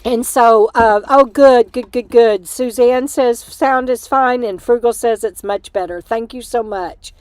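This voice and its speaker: Inside the small room of an RV, an older woman hosts a casual livestream on little sleep, reading comments, giggling and using many fillers. Her voice is a little high and darkish, a little slow with few pauses, and the recording is dry.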